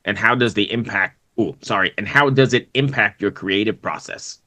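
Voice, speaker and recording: A man's voice: lowish voice, moderate pace, bright, forceful tone, dry recording. A man hosting a podcast, asking interview questions in a friendly, self-deprecating way and sometimes tripping over his words. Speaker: podcast host.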